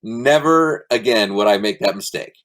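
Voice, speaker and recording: Low-voiced middle-aged man telling war stories. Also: moderate pace, a crowd in the background. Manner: relaxed, swearing, many fillers and restarts. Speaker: guest, former Army Ranger. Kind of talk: casual storytelling interview.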